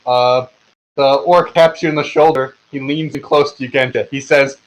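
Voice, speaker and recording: Over online voice chat, a man narrates a tabletop game as game master, rambling with lots of fillers and restarts. His medium-pitched voice is fairly even and moderately paced, and the audio is poor.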